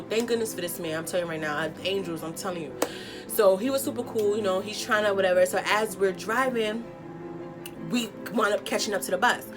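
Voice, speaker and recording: A young woman tells a story straight to camera in an animated, slangy way. Her pitch sits in the middle, and she bursts into loud exclaimed quotes. Music plays clearly under her voice. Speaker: vlogger telling a story. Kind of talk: casual storytime vlog.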